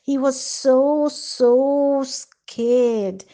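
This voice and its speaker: Woman reading a kids fable, slow and expressive, kinda high voice. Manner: slow, expressive, addresses listener with questions. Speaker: storyteller. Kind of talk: children's story narration.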